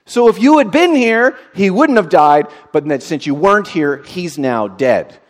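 A grieving woman pleads with her lord in a high, strained voice that leans hard on every line, as a preacher puts her on. The voice rises well above his usual pitch, and it swings up and down with real force. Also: very animated, unhurried. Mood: pleading.

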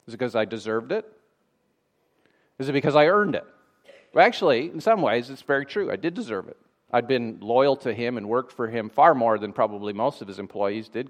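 A man preaching a sermon in a conversational way, with dry sarcastic asides. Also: medium pitch.

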